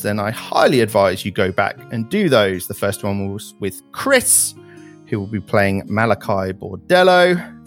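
A man in his late thirties hosting a tabletop gaming podcast in casual, chatty talk. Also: fairly low pitch. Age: late 30s. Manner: chatty, animated, laughs easily. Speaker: podcast host and game master. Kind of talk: casual chat.

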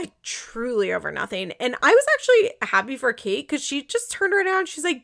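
A woman's voice: high-pitched, huge pitch swings, a little fast, vocal fry, hardly any pauses, fairly bright tone. A woman giving a casual, rambling recap of a reality show, opinionated and indignant, with many "like" fillers. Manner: rambling, chatty, lots of "like" fillers.

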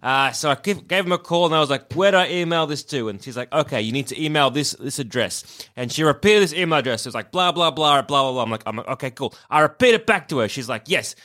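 A man tells a rambling story on a casual podcast. His voice sits a little high and rings bright. He acts out each side of the conversations he describes. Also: lively intonation, fast talker, hardly any pauses. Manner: rambling anecdote with acted-out quotes. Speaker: podcast co-host.

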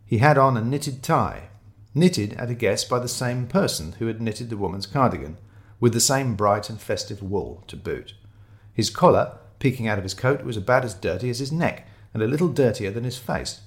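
A man's voice: mid-range voice, expressive, moderate pace. A man reading a first-person mystery story aloud, descriptive and wry in his storytelling. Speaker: narrator.

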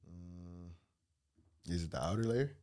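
A man's voice: deep voice, unhurried, mellow. A man co-hosting a podcast in casual, slangy, profane chat, often laughing. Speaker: podcast co-host.

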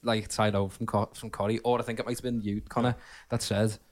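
A man's voice: on the low side, little pitch movement, a little fast. A man co-hosting a casual podcast, laughing often while he tells drunken pub stories. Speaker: podcast co-host. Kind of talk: casual banter with friends.

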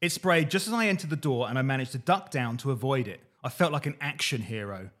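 A man co-hosting a casual podcast, reading old diary entries aloud in a dry, deadpan way with the odd swear. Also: mid-range voice, quick pace.

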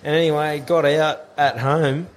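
A man's voice: fairly high pitch, flat delivery, moderate pace. An Australian man telling a story in casual podcast chat, swearing freely and laughing as he goes.

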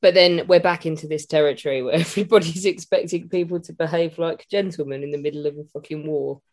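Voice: medium pitch, steady tone, fast talker. A podcast host running a casual debate, blunt, teasing and sweary.

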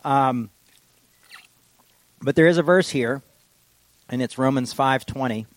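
A man preaching a casual, rambling sermon that slows for solemn readings. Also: medium pitch, dry recording, low-quality recording. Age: adult with children. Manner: casual and digressive, slows down for quotations. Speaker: pastor. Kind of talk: informal sermon.

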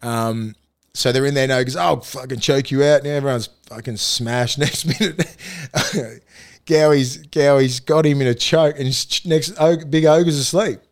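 An Australian man who once played rugby league shares meandering, foul-mouthed anecdotes on a casual podcast, punctuated by plenty of laughter. His pitch is medium and his delivery unhurried.

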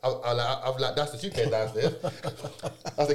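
A young man in casual podcast chat, using slang and lots of quick agreeing fillers. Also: medium pitch, expressive, roomy sound.

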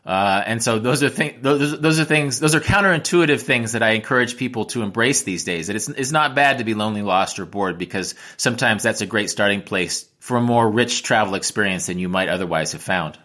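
A man's voice: on the low side, a little fast, few pauses, bright, forceful tone. An American man, a travel writer and teacher, giving reflective interview answers with frequent restarts. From United States.

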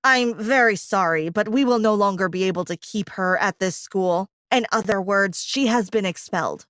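A woman's voice: mid-range voice, normal speed, fairly bright tone, no echo, studio quality, pitched below the performer's own voice, lightly acted. A woman voicing a middle-aged male school principal, formal and matter-of-fact.

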